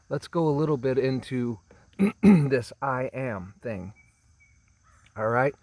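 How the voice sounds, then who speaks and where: Slow, emphatic male spiritual teacher. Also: medium pitch, lively intonation, darkish tone, no echo. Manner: slow, emphatic, drawn-out phrasing with repeated words; clears throat often.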